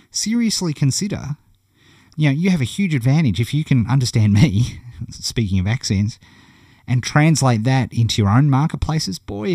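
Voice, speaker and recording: A man's voice: medium pitch, darkish tone, no room sound, studio quality. Blunt encouraging Australian man. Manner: blunt, encouraging, chatty with many fillers. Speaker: online course teacher. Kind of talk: casual video lesson.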